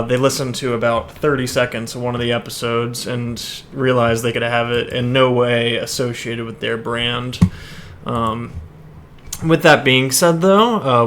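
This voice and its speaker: A man hosting a podcast from home over a video call, joking deadpan and swearing a lot in casual chat. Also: medium pitch, unhurried, slight background noise. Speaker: podcast host.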